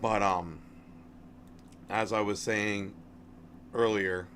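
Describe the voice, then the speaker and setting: A man's voice: on the low side, fairly even intonation, extremely slow, fairly bright tone, slight background noise. A man in his thirties chatting casually on a live stream about a game, friendly and rambling, often restarting his words. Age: 30s. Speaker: game livestreamer.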